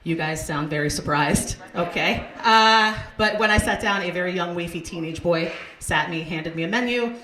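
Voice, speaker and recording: A brash woman works a comedy club crowd with crude stand-up. Her voice sits a bit low, and it rings around a roomy club. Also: moderate pace, few pauses, pushed and bright. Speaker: stand-up comedian hosting a show.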